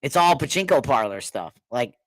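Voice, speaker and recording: A middle-aged man telling a story in casual chat, animated, laughing often and acting out what others said. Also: mid-range voice, normal speed, dry recording. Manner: animated, laughing, repeats words, acts out quotes.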